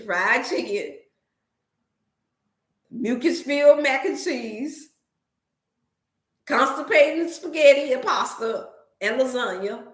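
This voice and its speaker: A woman's voice: fairly high pitch, echoey room. A woman host telling a funny story in a casual livestream, laughing often and slipping into preachy asides. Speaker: wellness channel host.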